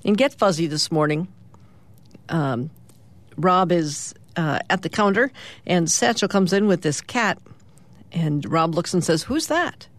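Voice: medium pitch, dry recording. Easygoing radio host reading comics. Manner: easygoing, with fillers and pauses. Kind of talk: reading comic strips aloud.

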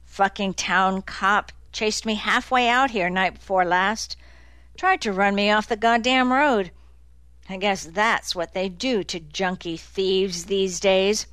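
A woman's voice: medium pitch, slow pace, clean tone, dry recording. A woman reading the lines of a tense young man on the run who snaps and sounds anxious. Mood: tense, snapping. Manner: sharp, snapping, anxious.

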